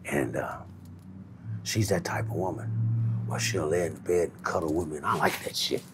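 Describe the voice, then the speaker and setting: Deep-voiced man, candid and reflective. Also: normal speed, fairly bright tone, slight background noise. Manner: low-key, reflective, swears freely. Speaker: interviewee. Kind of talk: candid street interview.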